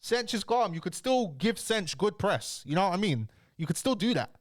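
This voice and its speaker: A man chatting through a reaction commentary, slangy and loose, stumbling and restarting his sentences. His voice sits a little higher than most men's. It is recorded close and dry, with no room sound. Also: big pitch swings, normal speed, no room sound. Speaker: commentary host.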